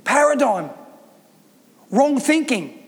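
A man's voice: extremely high pitch, sing-song, slow pace, vocal fry, slightly rough, big-room sound. A man preaching a sermon as pastor, emphatic and given to repeating his points. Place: church.

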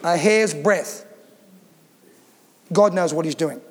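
A man's voice: fairly high pitch, slow pace, big-room sound. A man preaching a sermon as pastor, emphatic and given to repeating his points. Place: church.

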